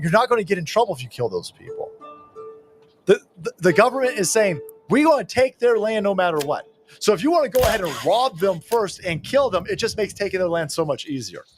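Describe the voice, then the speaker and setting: A man streaming a strategy game, ranting and swearing as he reads and answers chat, with game music playing behind him. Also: high-pitched. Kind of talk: profane gaming stream commentary.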